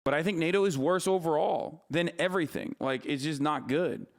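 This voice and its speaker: Male streamer, 30s, slightly high voice, heated profane reaction rant. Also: moderate pace, creaky.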